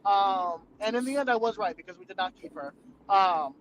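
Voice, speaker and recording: High-voiced young man telling rambling stories. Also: lively intonation, normal speed, a bit bright. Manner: rambling, profane, lots of fillers. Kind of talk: casual storytelling chat. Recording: muffled lo-fi recording with clear background noise.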